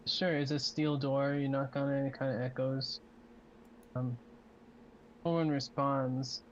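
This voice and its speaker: A game master describing scenes and calling for initiative, in a relaxed, hesitant delivery full of ums. The voice is flat and even in pitch. It comes over a muffled voice-call line with a faint hiss. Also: a little slow. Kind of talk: narrating a tabletop game.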